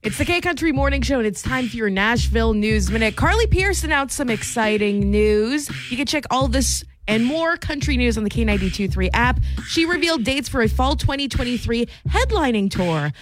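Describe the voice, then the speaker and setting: Casting: playful female morning radio co-host, high bouncy voice, faint music bed. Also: animated, brisk, few pauses. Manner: playful, jokey. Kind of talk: casual radio banter and news reading.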